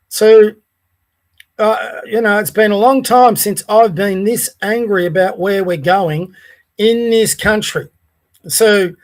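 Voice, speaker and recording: An Australian man hosting a podcast, delivering a heated, blunt political rant full of swearing. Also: sits high. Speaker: podcast host.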